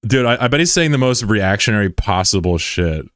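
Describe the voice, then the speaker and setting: A young man streams a game and chats with viewers in a joking, sarcastic, rambling way. His voice sits very low, and the sound is dry and close to the mic. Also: lively intonation, brisk, a bit bright, no room sound, soft background music. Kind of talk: casual livestream chat.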